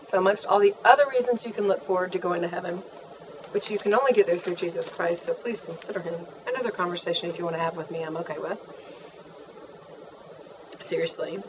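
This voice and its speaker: A woman's voice: fairly low pitch, quick pace. Chatty lady vlogging, all gushy and playful, sounds a bit far from the mic, kinda dull and muffled with faint hiss. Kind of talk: casual chat.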